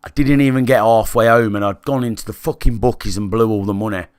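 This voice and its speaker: A man's voice: lowish voice, steady tone, quick pace, a little mellow, smooth, no room sound, clean studio sound. A British man livestreaming, telling a candid story to his chat in a blunt, sweary, conversational way and checking in with listeners. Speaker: gaming livestreamer.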